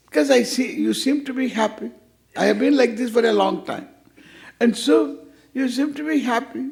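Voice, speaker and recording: A man's voice: extremely high pitch, moderate pace, vocal fry, a little mellow. An older man teaching a scripture class in a playful, teasing way, acting out little dialogues. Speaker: spiritual teacher.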